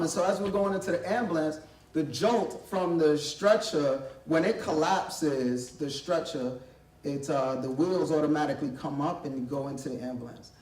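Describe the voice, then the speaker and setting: A man giving a talk as a guest speaker, telling a personal story in a vivid, conversational way and acting out the voices he quotes. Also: on the high side. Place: college library event space. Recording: echoey room, distant mic, faint ambience.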